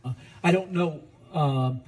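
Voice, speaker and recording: A man's voice: on the high side, slow pace, a little mellow, slightly rough. A man answering a news interview hesitantly, stopping and restarting often. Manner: hesitant, many fillers and restarts.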